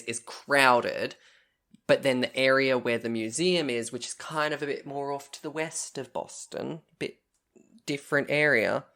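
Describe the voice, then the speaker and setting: Co-hosting a podcast, a man spins a long story, loose and talkative, cursing casually and slipping into the voices of the people he quotes. His middling-pitched voice is clear and resonant, with a bright, tense edge.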